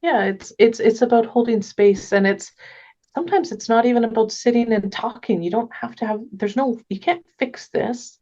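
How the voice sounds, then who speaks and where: A woman talking earnestly as a podcast guest, gentle and often restarting her sentences. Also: fairly high pitch, normal speed, dull audio. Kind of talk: casual conversation.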